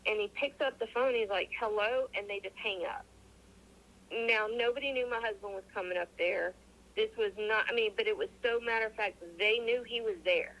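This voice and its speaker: A woman's voice: mid-range voice, normal speed, low-quality recording. A woman guest in an interview, telling a personal story casually, acting out the voices of the people she quotes, with many restarts. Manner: animated, acts out quoted dialogue, frequent restarts.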